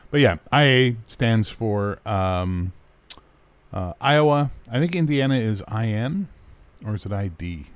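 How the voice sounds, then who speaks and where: Recorded clean with no room sound, this Canadian man speaks a little slowly in a lowish voice with lively intonation. Hosting a casual chat livestream, he responds to viewer comments with sarcastic rambling and plenty of swearing.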